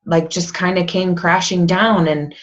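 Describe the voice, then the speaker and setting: A woman coach talks frankly to her team, encouraging them and laughing at her own slips. Her voice sits fairly low. The audio is dull and lo-fi. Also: fairly even intonation, unhurried. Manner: candid, motivational, self-deprecating. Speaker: fitness coach. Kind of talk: casual team call.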